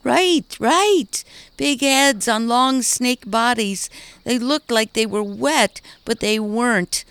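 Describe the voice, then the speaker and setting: Storybook role: a nervous little rag-doll boy, voiced by a woman, high and halting. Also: fairly bright tone, clear, resonant tone, dry recording. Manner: nervous, hesitant. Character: timid small boy doll, unsure.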